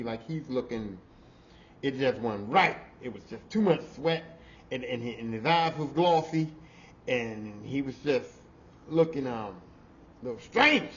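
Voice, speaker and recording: A man, a podcast host telling casual work stories in a profane, animated way, laughing and swinging from low mutters to loud outbursts. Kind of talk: casual storytelling. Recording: slightly dull audio with faint noise.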